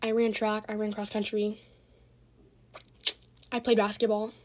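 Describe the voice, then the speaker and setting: A teenage girl telling a casual storytime with lots of slang and cursing, animated as she retells the drama. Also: medium pitch, measured pace. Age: teens.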